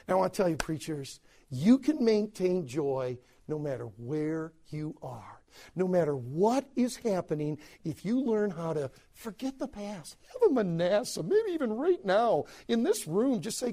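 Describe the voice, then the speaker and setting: An American man, a pastor, telling a story in a sermon to other preachers, animated and repeating words as he goes. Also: high-pitched, unhurried. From United States.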